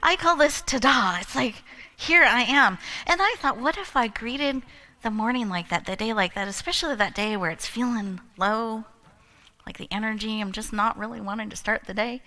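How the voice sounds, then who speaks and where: With a voice a little on the high side and a normal speaking speed, a woman hosts a live event as emcee. She tells a playful story, animatedly guiding the crowd and laughing a lot along with them.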